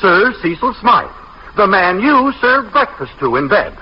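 A harried young husband full of wry, quick wisecracks, his voice a touch high and very lively. It's an old radio comedy with a dull, lo-fi sound and a faint hiss. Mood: scheming. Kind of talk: 1940s radio comedy acting.

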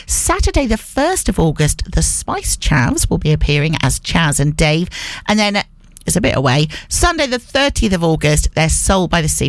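A woman's voice: medium pitch, dry recording. A woman presenting local radio, reading out event listings in a chatty way and joking about her own slips. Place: radio studio.

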